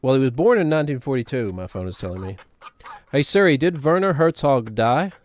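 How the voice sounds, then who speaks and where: A male streamer in loose, rambling chat who mocks himself and breaks into laughter often. His voice is a middle pitch for a man. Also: animated, fairly quick. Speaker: game streamer. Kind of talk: casual live-stream chat.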